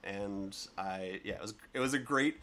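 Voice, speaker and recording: A man's voice: lowish voice, moderate pace, sharp tone. A man co-hosting a casual movie review podcast, talking enthusiastically with lots of fillers. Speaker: podcast co-host.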